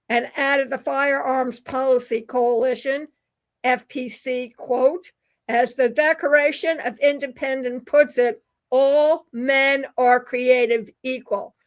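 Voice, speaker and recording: A woman hosting a talk radio show, reading news quotes with sarcastic asides. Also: high-pitched. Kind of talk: opinion commentary reading quotes.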